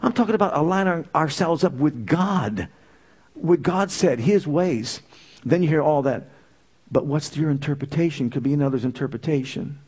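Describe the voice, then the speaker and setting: A man delivering a sermon with emphatic, punchy phrasing. He leans on rhetorical questions and repetition to drive each point home. His voice sits a bit higher than most men's. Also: lively intonation, moderate pace, a little mellow, husky. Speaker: preacher.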